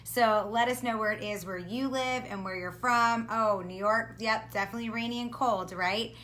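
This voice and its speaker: A woman hosting a live video stream, upbeat and gushing, often saying how excited she is, talking over a video call from home. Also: on the high side, normal speed. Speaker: host. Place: home in South Florida.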